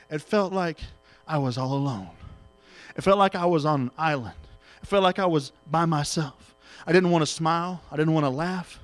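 A middle-aged man preaching an emotional sermon, swinging between loud exhortation and hushed tenderness. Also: high-pitched.

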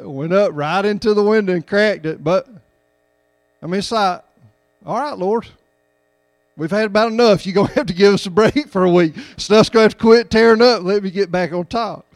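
A man preaching a sermon, moving between folksy personal stories and loud, emphatic calls to the congregation. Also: sits high, normal speed, dry recording.

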